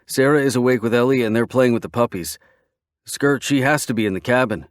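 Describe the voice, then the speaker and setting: A man voicing a brash, excitable male biker who is cocky and crude, in a dry audiobook reading. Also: mid-range voice, fairly quick, dry recording, voice pushed up, close to an everyday voice. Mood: serious.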